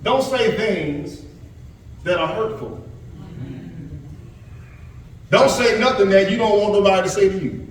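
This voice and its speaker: A man preaches to young people, his voice sitting high for a man. He stammers and repeats words as he builds his points. He sounds far from the mic, in a church sanctuary full of echo. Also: a little slow, long pauses, a little hiss or hum. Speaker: pastor. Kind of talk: sermon.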